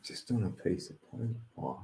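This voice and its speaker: A man's voice: on the low side, animated, normal speed, background noise. A man talking in a rambling, chatty livestream monologue, laughing often and thinking aloud. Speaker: livestream host.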